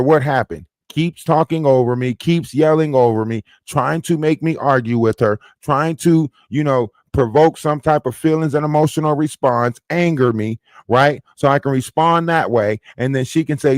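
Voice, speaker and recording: A man hosting a live stream rants heatedly and emphatically, repeating his points and tacking "right?" onto them. His voice is mid-range at a normal speed, recorded with clean studio sound and no echo.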